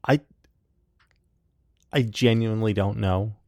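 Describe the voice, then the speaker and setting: A man's voice: on the low side, fairly even intonation, slow, vocal fry, a little mellow, dry recording, studio quality. A man co-hosting a podcast in casual political chat, wry and emphatic, building his points aloud. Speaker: podcast co-host.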